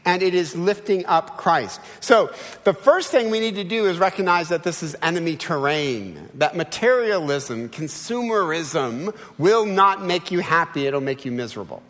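A man in his fifties preaching a sermon with animated, humorous storytelling. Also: fairly high pitch, moderate pace. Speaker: pastor. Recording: long hall reverb.

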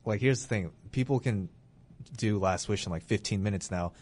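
A man's voice: lowish voice, normal speed, darkish tone. A man hosting a casual gaming podcast, talking enthusiastically and rambling with restarts. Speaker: podcast host.

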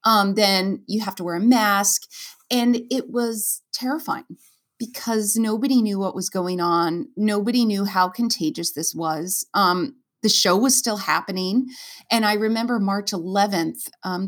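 A woman's voice: mid-range voice, unhurried. A woman, a stage performer as interview guest, telling her own story in a candid, earnest and emotional way, with many fillers and restarts.

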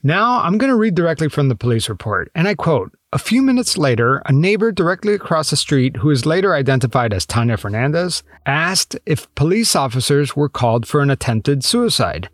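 Guy narrating a true crime podcast, lively voice, kinda sarcastic, dry close mic. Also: a little high, brisk, few pauses, no echo. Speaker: podcast host.

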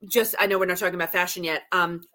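A woman's voice: lowish voice, fairly even intonation, very fast, sharp tone. A woman co-hosting a podcast, chatting casually with lots of restarts and repeated words. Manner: chatty, many restarts and stammers. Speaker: podcast co-host. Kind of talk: casual chat.

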